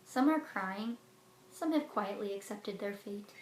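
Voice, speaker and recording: A woman teacher reading a children's book aloud in an expressive way, then explaining class activities. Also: medium pitch, measured pace. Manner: expressive storybook reading with lively swings. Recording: roomy echo with faint noise.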